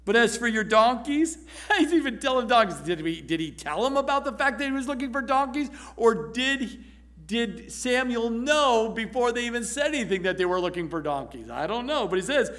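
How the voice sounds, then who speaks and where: High-voiced animated man preaching. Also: moderate pace. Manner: animated, laughing, acting out scripture voices. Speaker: pastor. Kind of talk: sermon.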